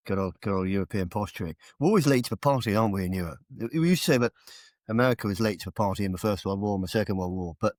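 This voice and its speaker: Low-voiced retired British army general. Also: male voice, dry recording. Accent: British English. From England. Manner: talks in tag questions, repeats words as he starts. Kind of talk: casual conversational interview.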